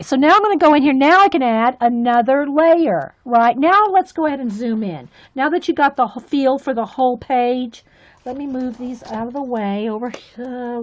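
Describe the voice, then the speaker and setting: A woman hosting a casual livestream while coloring, chatty and gushing with frequent exclamations. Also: on the high side. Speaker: livestream host coloring with viewers. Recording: dull lo-fi sound.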